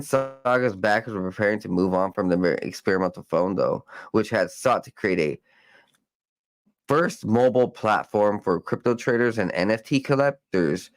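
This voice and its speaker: Low-voiced man reading news, rambling asides. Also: dry recording, rough recording. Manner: loose and rambling, many fillers and restarts. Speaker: podcast host. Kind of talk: reading news articles aloud with casual commentary.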